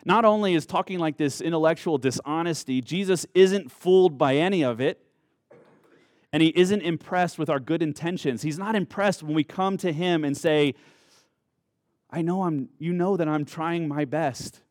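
A man preaching a sermon in an earnest way, drawing out key words in slow, emphatic phrases. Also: a little high, no room sound, clean studio sound. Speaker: pastor.

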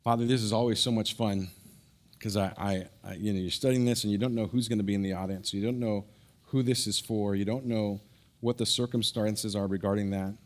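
A male pastor preaching a sermon, telling a story with animated energy, then dropping soft and low to press a point, with quick stumbles and restarts.

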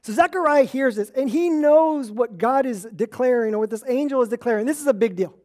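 Woman preacher, mellow warm voice, casual storytelling sermon, acts out the quotes. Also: high voice, fairly quick. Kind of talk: conversational sermon.

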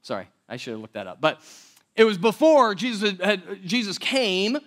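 A man preaching a sermon as pastor, conversational and animated, often checking in with the audience. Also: high voice, normal speed.

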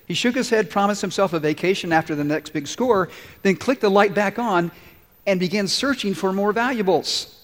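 A man pastor preaching a sermon in a large church, earnest and conversational, putting questions to the congregation. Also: high-pitched. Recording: long hall reverb.

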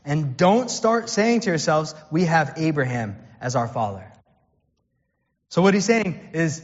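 Earnest pastor in an echoing hall. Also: male voice, a little high, expressive, a little slow. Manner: conversational and earnest, quoting scripture. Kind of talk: sermon. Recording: dull sound with long hall reverb.

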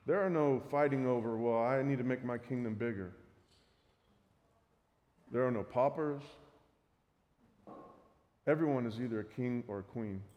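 A man preaching a sermon, reading Bible passages aloud and explaining them with measured emphasis. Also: mid-range voice, mellow. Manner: reads scripture aloud, then teaches. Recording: reverberant hall.

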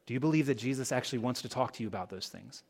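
A man's voice: medium pitch, rapid-fire, creaky, a little mellow. A man preaching a sermon to a congregation, asking the listeners rhetorical questions. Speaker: pastor.

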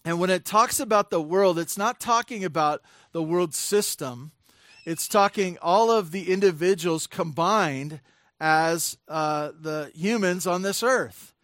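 A man's voice: high voice, fairly bright tone, dry recording, studio quality. A man preaching a sermon in a conversational style, with many fillers and restarts, building to emphatic points. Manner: rises to emphatic bursts on key points. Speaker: pastor.

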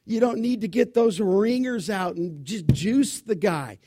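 Male pastor, high voice, unhurried delivery, emphatic sermon with rhetorical questions. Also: dark tone. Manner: emphatic, asks rhetorical questions and answers them. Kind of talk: expository sermon. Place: church.

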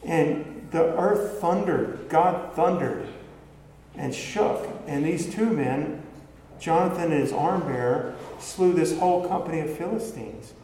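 A man's voice: fairly high pitch, takes it slowly, dark tone, a little hiss or hum. A man preaching a sermon in a conversational way, asking his congregation rhetorical questions. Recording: echoey hall with long reverb, faint ambience.

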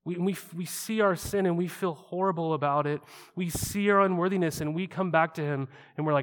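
A man's voice: fairly high pitch, a little fast, few pauses, in a large hall. A man preaching a sermon in a conversational way, often asking his listeners rhetorical questions. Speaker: pastor.

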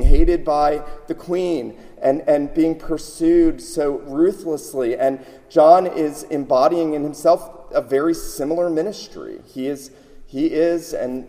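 A man's voice: fairly high pitch, warm tone. Man preaching in a reverberant hall. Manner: emphatic, repeats words while building points. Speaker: pastor. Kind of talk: sermon.

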